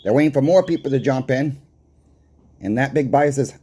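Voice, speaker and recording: A man's voice: mid-range voice, normal speed, dark tone, slightly rough. A man with a strong Boston accent talks through his weekly market numbers like a coin shop owner chatting across the counter. His delivery is conversational and repetitive, leaning on emphatic rhetorical questions to drive points home. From Boston, USA. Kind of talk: casual market report to camera.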